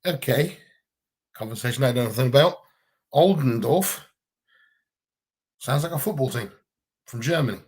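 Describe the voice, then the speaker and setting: A man's voice: medium pitch, expressive, normal speed, long pauses, darkish tone, husky. A man with a Gibraltarian accent, chatting bluntly and casually on a livestream Q&A from home, swearing freely. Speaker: livestream co-host.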